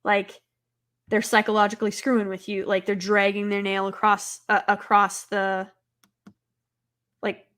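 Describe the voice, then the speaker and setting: A woman hosting a live stream, chatting casually with viewers, rambling with lots of filler words and breaking into loud, exasperated outbursts. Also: medium pitch, monotone, unhurried, pauses often. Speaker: livestream host.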